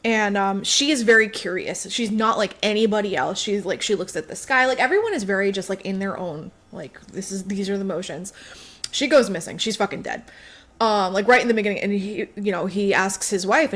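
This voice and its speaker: A woman's voice: fairly quick, fairly bright tone. A woman co-hosting a podcast, retelling a book's plot in casual chat, swearing freely and acting out the characters' lines. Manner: chatty, swearing, acts out characters' lines with big jumps in pitch. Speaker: podcast co-host.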